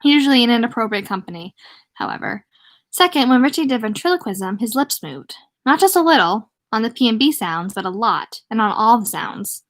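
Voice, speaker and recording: A woman's voice: fairly high pitch, lively intonation. Woman reading a novel aloud, stumbling. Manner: stumbling, pauses to comment and laugh. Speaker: reader. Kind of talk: casual read-aloud of a novel.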